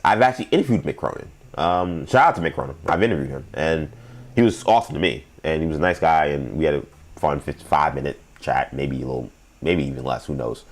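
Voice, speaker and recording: A young adult man hosting a sports show, giving rambling, emphatic commentary and laughing at his own stories. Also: extremely low pitch.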